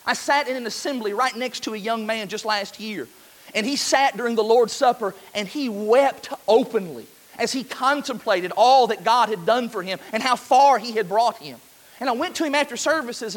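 High-voiced earnest preacher man. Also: normal speed. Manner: earnest, swells loud then drops soft. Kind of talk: sermon. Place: church.

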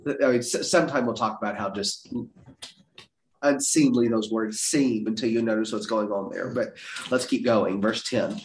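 A man teaching a Bible class, reading verses aloud with dramatic leaps in pitch. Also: slight background noise. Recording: roomy echo.

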